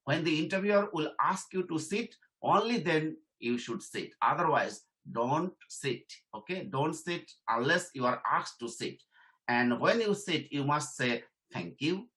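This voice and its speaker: A man's voice: a little high, lively intonation, unhurried, a bit bright, low-quality recording. A middle-aged man giving an informal career lesson, repeating his points and checking in with "okay?". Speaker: career trainer and professor. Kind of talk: informal teaching talk.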